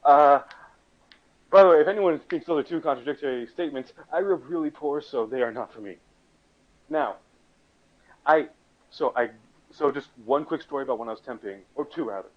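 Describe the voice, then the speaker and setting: A man's voice: a little high, fairly quick, long pauses, dull audio. A young man on a casual podcast chat, telling a story in a joking, rambling way and restarting his sentences. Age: young adult.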